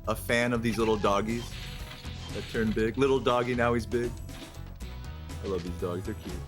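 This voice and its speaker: A man giving casual, joking speedrun commentary, rambling and animated with lots of filler words. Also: lowish voice, normal speed, music in the background.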